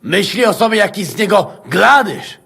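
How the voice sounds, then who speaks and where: An actor voicing a hot-tempered, swearing male brawler in a video game, speaking Polish with a rough voice. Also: high-pitched, big pitch swings, a little fast, bright, forceful tone, exaggerated voice. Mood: aggressive.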